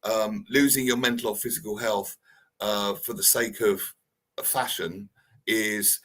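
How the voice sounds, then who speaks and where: Low-pitched male radio co-host, earnest reflective summaries, thoughtful pauses. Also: fairly even intonation, fairly bright tone. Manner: earnest, reflective, with filler ums. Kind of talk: casual radio chat with wrap-up summary. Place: radio studio.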